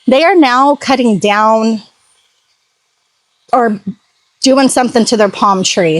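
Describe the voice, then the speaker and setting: A woman's voice: on the high side, slow pace, pauses often, dry recording. A woman chatting casually to her phone camera outdoors while detailing a car, sassy and prone to ranting asides. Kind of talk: casual vlog chat. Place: outdoors at home, driveway. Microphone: phone camera on a tripod.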